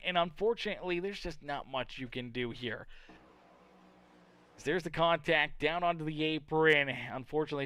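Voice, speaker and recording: A man giving play-by-play commentary on a sim racing league broadcast, breaking down crashes and pit stops in steady analysis. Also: on the high side, clean tone, no room sound. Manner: excited, shouts at crashes; steady explanatory replay analysis. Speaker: race commentator.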